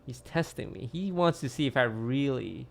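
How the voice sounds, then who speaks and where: A man's voice: mid-range voice, expressive, moderate pace, vocal fry. A man streaming and chatting casually, joking around with crude banter. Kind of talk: casual chat.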